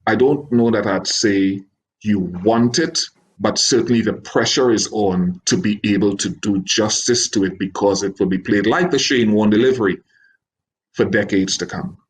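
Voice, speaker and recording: Low-voiced measured male commentator. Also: a little hiss or hum, rough recording. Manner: careful and deliberate, qualifies his points. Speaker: cricket commentator. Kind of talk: measured analytical answer.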